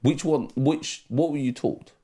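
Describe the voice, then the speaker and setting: At home during a music livestream, a male co-host with a medium-pitched, dark-toned voice reads out the chat at a measured pace. He's chatty and rambling, with many fillers.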